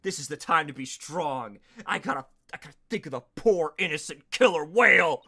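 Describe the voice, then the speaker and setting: A man with a bright, sharp voice swings all over his range as he riffs through a game with friends. He jokes, swears and laughs often in a loose, animated way. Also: fairly high pitch, normal speed. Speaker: host voicing game characters. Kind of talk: casual let's-play commentary.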